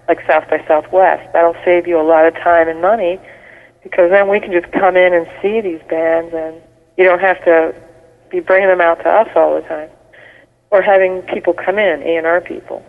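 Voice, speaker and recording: A man's voice: high voice, big-room sound. Man on a tinny phone line. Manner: chatty and explanatory. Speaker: guest. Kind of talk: casual phone interview.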